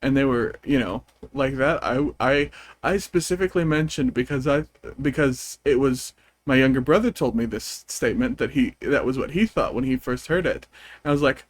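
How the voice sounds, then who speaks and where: A male streamer talks casually while he plays, wandering from tangent to tangent with a clear sense of amusement. His voice sits at an ordinary pitch and sounds close and dry, with no room echo around it. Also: fairly quick. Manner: rambling, amused storytelling. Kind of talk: casual chat while gaming.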